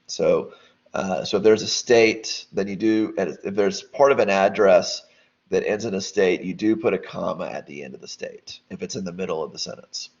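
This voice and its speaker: A man's voice: deep voice, moderate pace, darkish tone. A man teaching a casual grammar lesson, loose and rambling with many fillers and restarts. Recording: dull lo-fi audio.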